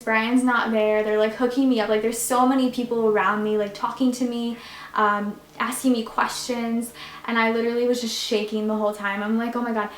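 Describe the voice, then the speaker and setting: Young woman vlogger, slightly high voice, chatty storyteller, filler-heavy, roomy echo. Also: fairly quick. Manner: chatty, many fillers, animated retelling. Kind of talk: casual storytelling. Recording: echoey room.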